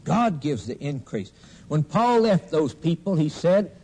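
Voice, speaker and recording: A man preaching a fervent sermon, rising to loud exhortation and dropping to low, hushed tones. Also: big pitch swings, unhurried, husky.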